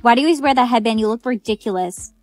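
High, dry text-to-speech woman for storytime clips, reading all the roles evenly. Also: racing, a little mellow, no room sound, faint music behind. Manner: evenly paced synthetic delivery voicing every role. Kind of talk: scripted storytime narration.

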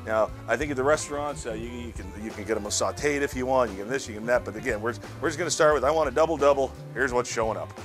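A man's voice: medium pitch, fast, few pauses, over music. A man hosting his own cooking show, chatting casually to viewers while he demonstrates a recipe, often repeating words as he goes. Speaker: cooking channel host.

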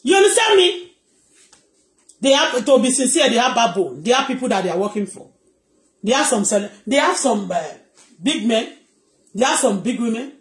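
A woman's voice: high voice, reverberant. A woman with a Nigerian accent giving heated commentary as a gossip vlogger, emphatic and repetitive, often asking if you understand.

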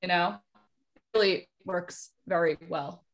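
A woman's voice: lowish voice, unhurried. A woman presenting a DIY skincare demo, chatting casually and telling stories full of "like" fillers. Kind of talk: casual group chat, storytelling.

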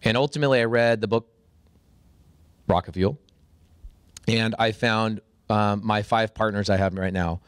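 A man with a fairly low voice tells a story as a podcast guest, animated and quick to act out other people's lines in sudden higher bursts. The sound is dry and close, with no room around him. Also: smooth, no room sound. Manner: acts out quoted dialogue with sudden high-pitched bursts.

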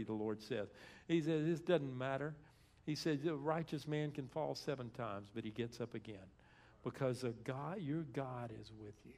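A man's voice: medium pitch, normal speed, a little mellow. A man giving a conversational sermon as a guest speaker in a church, retelling scripture in plain everyday speech.

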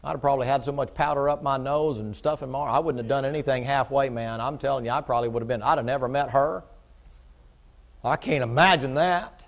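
A middle-aged man preaching a folksy sermon, shifting from quiet storytelling to loud, fervent preaching. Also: mid-range voice, normal speed.

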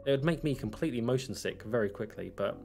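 A man talks casually into a desk microphone while streaming a game, wandering from topic to topic. His voice sits at an ordinary middle pitch, and he chuckles easily as he answers chat questions. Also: animated, fast, gravelly, darkish tone, faint music behind. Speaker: gaming streamer.

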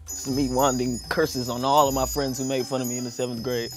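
A young man from England with a mix of British and American accent, explaining to camera in a lively, playful way and slipping into different voices. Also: medium pitch, quick pace, soft background music. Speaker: video presenter.

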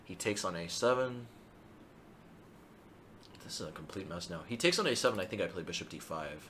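A male chess streamer thinking aloud through his live game, excitable and self-mocking. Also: sits low, normal speed, pauses often, slight background noise.

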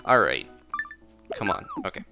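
A man giving easygoing, rambling commentary over his own gameplay, chuckling often and reading the game's dialogue aloud in playful voices. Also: normal speed. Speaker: game commentator. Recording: game music playing under voice. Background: game music.

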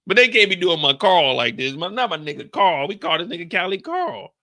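A young man from the Bay Area riffs through a TV recap in loose, profane chat. His voice sits high and swoops up and down as he talks. The tone is bright and forceful. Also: brisk. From San Francisco Bay Area. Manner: animated, profane, acts out scenes with shouted put-on lines. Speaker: recap show host.

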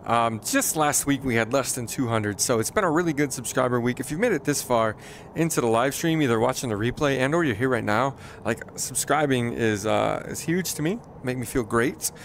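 Man streaming a flight game, casual self-deprecating banter, mid pitch, headset mic, faint jet noise behind. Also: fairly quick. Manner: chatty, self-deprecating, talks to viewers. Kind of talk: casual live gameplay commentary.

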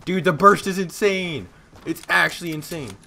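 Speaking at a moderate pace in a high-sitting voice with vocal fry, this young man narrates his live shooter stream against faint background noise. His chatter with viewers is slangy and laid-back, full of self-mockery, and it spikes with excitement during tense moments.

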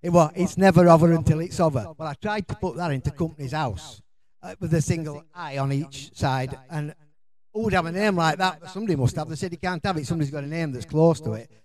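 With a slightly high voice and a quick pace, a middle-aged conference speaker from Yorkshire talks in a casual, rambling way. He often restarts his sentences and pads pauses with ums and uhs, his Yorkshire accent obvious the whole time.

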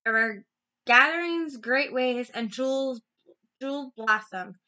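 A grumpy, dreamy old man grumbles and drifts, as a woman reading a storybook puts him on. Her own voice stays high and bright beneath him. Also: a little slow.

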